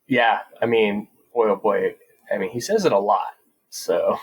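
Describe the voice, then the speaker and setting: A man's voice: fairly low pitch, measured pace, slightly rough, low-quality recording. A man co-hosting a casual comic-book podcast, chiming in with agreeable, jokey replies. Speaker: podcast co-host.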